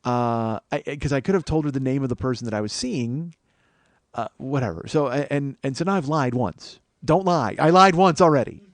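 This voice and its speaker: A podcast host in his 40s, recorded dry, talks at normal speed with a mid-range voice and lively intonation. His rambling comic story makes fun of himself, with plenty of curse words, and his pitch lifts when he plays out his panic.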